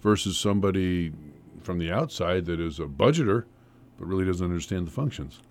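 A man's voice: deep voice, fairly quick, a little mellow. A man hosting a local radio interview in a casual, jokey and chatty manner. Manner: jokey, chatty, laughs often. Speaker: radio host.

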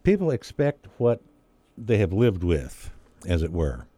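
A man with a deep, sing-song, mellow voice talks casually and unhurriedly, with no room sound. A chatty storyteller, he shares anecdotes and acts out quoted exchanges in different voices, laughing along.

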